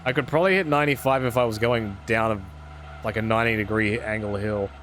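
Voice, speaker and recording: A man's voice: fairly low pitch, fairly quick, fairly bright tone, slight background noise. A man streaming a racing game, talking to himself in a sarcastic, self-deprecating way. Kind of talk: casual gameplay commentary.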